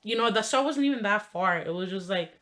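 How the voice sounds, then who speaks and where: A woman's voice: medium pitch, animated, brisk, pushed and bright. A young adult woman vlogger telling a funny childhood story in a casual, chatty way, full of "like" and "you know" fillers. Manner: laughs while telling the story.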